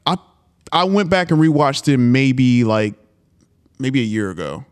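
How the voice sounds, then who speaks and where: A man's voice: medium pitch, sing-song, measured pace, smooth. A man hosting a podcast, talking in a laid-back, casual way with lots of "yeah, man". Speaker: podcast host. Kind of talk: casual chat.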